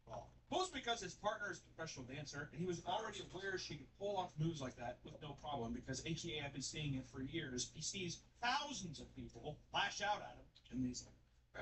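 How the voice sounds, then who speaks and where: A man's voice: on the high side, brisk. A man giving casual, joking reaction commentary on viral videos, swearing freely and acting out quotes. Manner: profane, animated, joking. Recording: distant mic with steady background noise.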